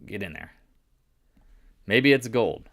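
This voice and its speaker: A man with a low, deep voice hosts a live market recap in a loose, chatty way. He gets excited and rambles, hopping from one thought to the next. The sound is dry and close, with no room echo. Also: slow, gravelly. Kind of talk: casual live stream commentary.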